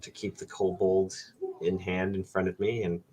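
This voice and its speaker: A man playing his character at a tabletop game, speaking in a halting way with fillers. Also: deep voice, level tone, mellow, a little hiss or hum. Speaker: player.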